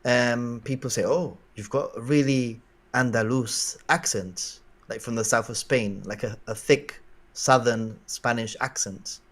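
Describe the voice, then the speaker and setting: A man's voice: medium pitch, fairly even intonation, measured pace, a bit bright. A man from Gibraltar, a guest vlogger explaining things in casual livestream chat with many fillers.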